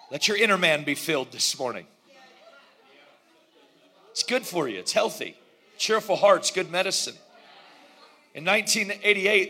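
A middle-aged man, a pastor, delivering an animated sermon, laughing and joking with his congregation. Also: on the high side, husky.

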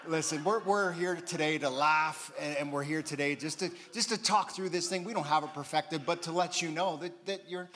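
A man's voice: a little high, moderate pace, few pauses, pushed and bright. A middle-aged man giving a sermon, telling a family story with chuckles and call-outs to the congregation.

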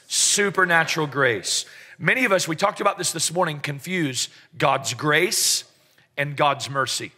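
Pastor guy preaching to his church, kinda raspy voice, jokes around a lot, slightly high. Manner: animated storytelling with joking asides to the congregation. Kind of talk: sermon. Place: church service in front of a congregation.

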